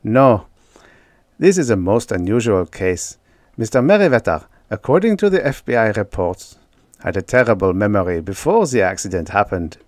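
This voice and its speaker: Excitable German scientist, middle-aged man, eager explainer with a German accent, lively up-and-down delivery, put on by a male narrator. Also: on the low side, normal speed, no echo, studio quality. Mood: excited.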